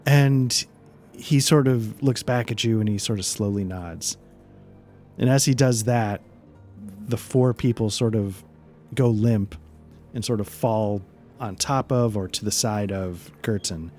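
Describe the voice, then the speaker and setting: A man narrating as game master in a loose, halting way, full of fillers. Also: on the low side, a little mellow, faint music behind.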